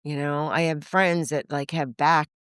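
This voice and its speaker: Animated woman in her sixties, lower voice, dry close sound, plays out quotes in voices, says "like" a lot. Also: measured pace, smooth, no echo. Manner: frequent filler "like". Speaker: guest. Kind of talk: casual conversational storytelling.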